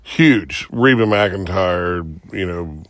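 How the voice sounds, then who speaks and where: Slow, lively-pitched storytelling man. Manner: rambling, profane, acts out quotes with sudden shouts. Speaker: podcast host. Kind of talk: casual storytelling.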